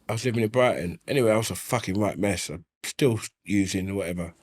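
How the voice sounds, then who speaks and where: A man, telling stories in a casual interview, swearing freely and often asking "you know what I mean". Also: medium pitch. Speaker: interview guest. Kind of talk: casual storytelling. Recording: slightly faulty audio.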